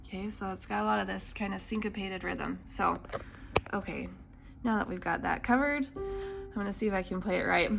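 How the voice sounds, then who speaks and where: Piano plays underneath as a woman with a gravelly, mid-range voice teaches a lesson at normal speed. She explains the music patiently, counting the beats aloud and frequently saying um.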